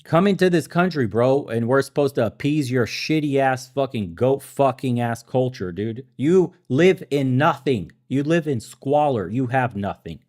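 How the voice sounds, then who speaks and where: A man's voice: medium pitch, moderate pace, few pauses, a little mellow. A man hosting a podcast, an immigrant to America, ranting with heavy swearing and heated outbursts, laughing at himself now and then. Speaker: podcast host. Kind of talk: profane ranting commentary. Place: in the Balkans.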